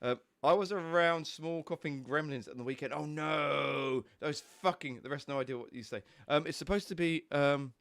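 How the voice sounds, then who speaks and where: A man's voice: a little high, moderate pace, gravelly, few pauses, a bit bright. Stuffy-nosed young man chatting on stream. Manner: chatty, rambling, swears casually. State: stuffy nose from a cold. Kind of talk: casual live-stream chat.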